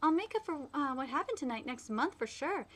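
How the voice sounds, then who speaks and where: A woman reading a gentle young boyfriend. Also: high voice, animated, a little fast, pitched above the performer's own voice. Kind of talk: reading manga aloud.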